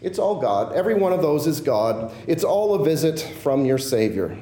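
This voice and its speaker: A male pastor delivering a sermon, slowing and softening his voice on key phrases. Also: a little high, big pitch swings, echoey room.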